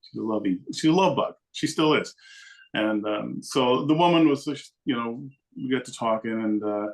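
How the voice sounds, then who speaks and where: A man's voice: medium pitch, normal speed, gravelly. A middle-aged man, a podcast guest, casually telling a rambling, self-deprecating story. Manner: rambling, self-deprecating, animated when quoting.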